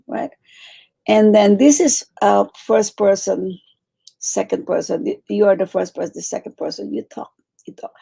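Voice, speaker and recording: Woman teacher running a meditation session, mellow darkish voice w lots of fry, repeats stuff to drive it home. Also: medium pitch. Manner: warm coaching, repeats phrases, acts out quoted pleas. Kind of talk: teaching a guided meditation class.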